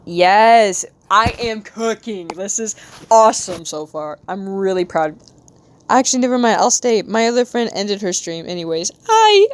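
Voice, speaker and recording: An American woman with a light Southern accent, rambling casually to her stream while she draws, talking to herself with quick bursts of excitement. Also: mid-range voice. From United States. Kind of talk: casual live-stream chat while drawing.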